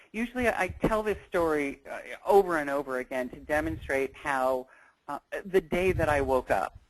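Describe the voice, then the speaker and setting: Presenting on negotiation skills in a webinar, this woman speaks low, earnest, and conversational, thinking out loud and sharing stories from her own life. There's no echo, though the recording quality is poor.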